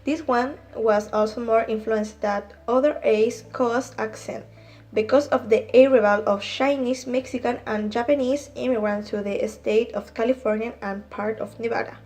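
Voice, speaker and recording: A woman's voice: a little high, steady tone, moderate pace, a little mellow. A woman presenter reading a prepared passage plainly from a script. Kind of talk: read-aloud presentation.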